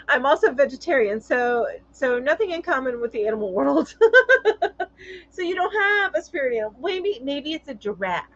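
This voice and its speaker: A woman's voice: high-pitched, lo-fi sound. A woman hosting a casual live-stream chat, reading viewer comments aloud in a chatty way with lots of fillers.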